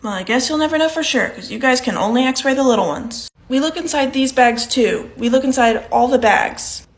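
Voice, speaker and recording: A young woman performing short comedy sketches with a dry, matter-of-fact delivery. Her voice sits a little high. She plays every role herself and keeps a deadpan evenness from one part to the next. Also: normal speed.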